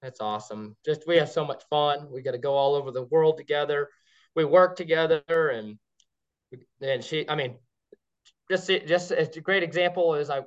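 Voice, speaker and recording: A man, a guest on a podcast, telling stories in an excited, rambling way with many restarts. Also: on the high side. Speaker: guest, game caller. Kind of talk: casual podcast chat. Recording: dull lo-fi sound.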